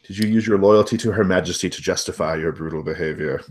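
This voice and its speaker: A man running a tabletop role-playing game, relaxed and encouraging with his players. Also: deep voice, quick pace. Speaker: game master.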